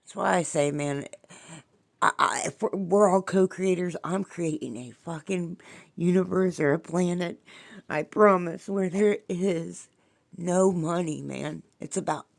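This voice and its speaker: A woman's voice: fairly low pitch, unhurried, gravelly. A woman hosting her own podcast, talking in a loose, rambling way, swearing casually and musing about spiritual things. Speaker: podcast host.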